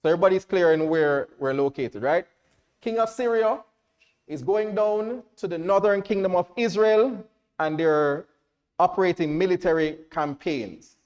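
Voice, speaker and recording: A Jamaican man preaching a sermon to a congregation in church, checking that everyone follows and rising to loud, emphatic declarations. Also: high-pitched, normal speed, lo-fi sound.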